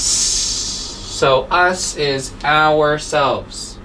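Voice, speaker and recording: A woman teaching English grammar online, unhurried and patient, checking in with her students often. Her voice sits a little back from the microphone. A faint noise runs underneath. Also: on the low side, expressive. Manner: patient, explaining step by step, asks rhetorical questions. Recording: distant mic with faint background noise.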